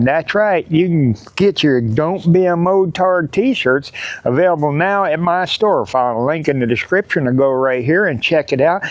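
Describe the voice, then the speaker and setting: A man's voice: a little high, dry recording. A middle-aged man, talking casually to camera in a vlog with joking, folksy plugs, feeling a little unwell. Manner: joking, folksy, hypes merch and sponsors. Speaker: motorcycle YouTuber. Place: at home in front of set-up cameras.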